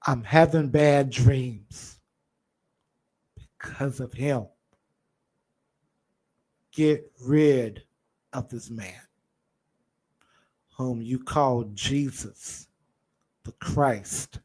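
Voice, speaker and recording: A man preaching a sermon, acting out a wrongdoer's mindset in the first person and swinging between loud cries and low murmurs. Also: drawn-out words, pauses often, breathy edge. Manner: speaks in first person as a wrongdoer to make a point.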